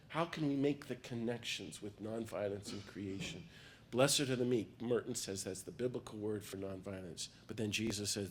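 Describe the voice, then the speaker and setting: A man's voice: fairly low pitch, a bit bright. A man, a priest, giving a passionate, emphatic talk to a gathering while speaking through a cold. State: has a cold. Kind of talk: public talk to a peace group.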